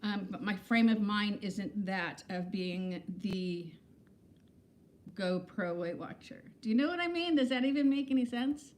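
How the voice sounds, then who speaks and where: A woman's voice: mid-range voice, a little slow, a little mellow. A woman in her fifties, chatting candidly and self-deprecatingly to viewers on a casual livestream from her home, greeting them by name. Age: 50s. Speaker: livestream host. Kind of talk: casual live-stream chat.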